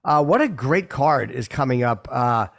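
A man's voice: medium pitch, animated, a little slow, creaky. A man co-hosting a podcast over a video call, teasing in a dry, understated way. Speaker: podcast co-host. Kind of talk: casual chat.

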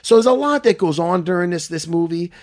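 Fast-talking guy with a high voice, animated and swearing, podcast host chatting casually. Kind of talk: casual chat.

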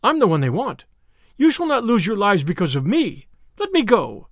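A man's voice: very high voice, wildly swooping pitch, normal speed, creaky, a bit bright, no room sound, studio quality, voice pushed up, heavily acted. A man voicing a desperate young woman who pleads urgently.

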